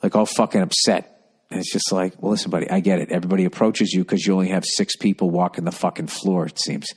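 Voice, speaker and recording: A man's voice: sits low, fairly even intonation, quick pace, husky. A middle-aged man hosting a podcast, rambling through a profane, ranting monologue full of stories. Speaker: podcast host.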